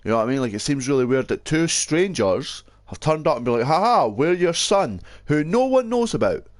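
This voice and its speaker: Young Scottish co-host, loose and sweary, swinging pitch, dry close headset sound. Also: male voice, big pitch swings, a little fast, a little mellow, no room sound. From Scotland. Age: young adult. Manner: sweary, laid-back, yawning. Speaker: podcast co-host. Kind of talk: casual chat. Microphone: headset microphone.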